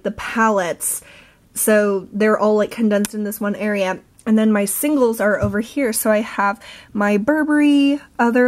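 Young female beauty vlogger, casual show-and-tell, filler-heavy chat. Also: medium pitch. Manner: chatty, lots of ums and likes. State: a bit out of breath.

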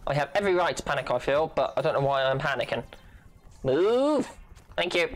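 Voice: mid-range voice, very animated, a little fast. A gaming channel host giving playful, goofy let's-play commentary, full of silly sound effects and chatter.

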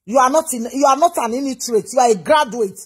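Husky woman scolding. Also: high-pitched, expressive, fast talker. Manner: scolding, lecturing, mixes in local language. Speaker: commentator. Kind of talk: scolding commentary.

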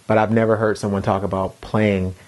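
A man with a very deep voice leads an interview in an unhurried, conversational way. He asks measured questions and fills his guest's pauses with short affirmations. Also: flat delivery, a little mellow. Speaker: interview host and college teacher.

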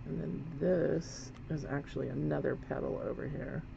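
Her low, creaky voice keeps fairly even intonation at a moderate pace as she demonstrates painting live. This instructor chats while she works and corrects herself as she goes, in a dull lo-fi recording with faint background noise.

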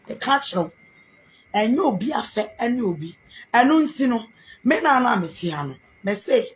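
A Ghanaian businesswoman speaking with a Ghanaian accent in a heated, animated rant to camera, repeating herself for emphasis. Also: fairly high pitch. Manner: animated, repetitive, mixes Twi and English.

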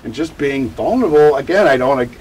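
A man who teaches about grief, answering interview questions in an animated, digressive way and acting out quotes. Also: medium pitch, quick pace, slight background noise, rough recording. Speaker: grief educator.

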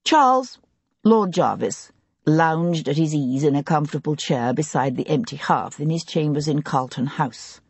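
A woman reads an audiobook in a low, husky voice. Her pitch moves a great deal as she narrates in a measured, expressive way, and the sound is close and dry. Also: dry recording. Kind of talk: scripted narration of a historical mystery.

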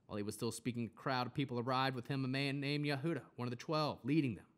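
A man reading scripture aloud, steady, with occasional self-corrections. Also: medium pitch, fast talker. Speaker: Bible reader.

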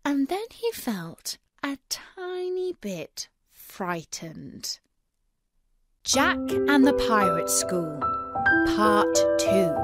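Slow expressive woman storyteller. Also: medium pitch, dry recording, clean studio sound. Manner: clear, expressive, deliberate. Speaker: storyteller for English learners. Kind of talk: scripted storybook narration.

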